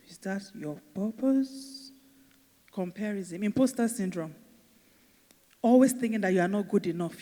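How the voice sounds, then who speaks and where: A woman teaches a faith-based empowerment class, hammering key phrases and throwing rhetorical questions at her listeners. Her voice sits at a middle pitch and rings with long hall reverb. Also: moderate pace, pauses often, mellow. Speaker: motivational speaker and teacher.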